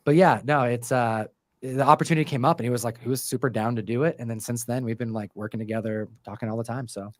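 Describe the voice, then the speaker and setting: A man's voice: mid-range voice, steady tone, fast talker, no echo. Rambling man in a dry room. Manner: rambling, lots of fillers and restarts. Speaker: comic book co-writer and show host. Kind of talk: casual interview chat.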